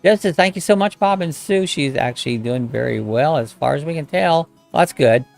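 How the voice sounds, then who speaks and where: A man's voice: on the high side, animated, brisk, vocal fry, faint music behind. A middle-aged man hosting a casual live chat, rambling in a folksy way and greeting viewers by name as he reads their comments. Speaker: host of a live chat stream.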